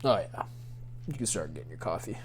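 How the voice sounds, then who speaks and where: A man's voice: low-pitched, animated, fairly quick. A man narrating as game master of an online tabletop game, with dry, teasing banter. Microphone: streaming microphone.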